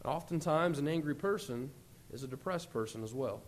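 A man preaching a conversational sermon, often swelling to loud emphasis. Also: on the high side, animated, brisk, slight background noise.

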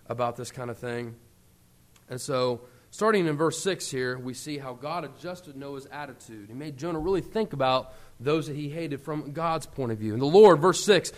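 A man preaching a conversational sermon, often swelling to loud emphasis. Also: mid-range voice, normal speed.

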